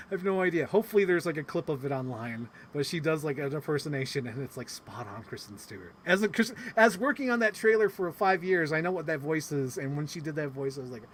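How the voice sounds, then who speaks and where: A chatty podcast host recaps a convention in a casual, rambling way, swearing often and saying "like" constantly. His voice is slightly high and animated, and he talks quickly with hardly any pauses; there's a little hiss or hum.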